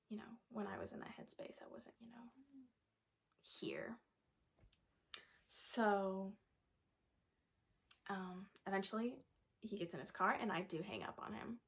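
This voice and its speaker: Young woman, vlogger, gravelly fry, soft and often whispery, rambling personal storytelling. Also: medium pitch. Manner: rambling, full of "like" and "da, da, da".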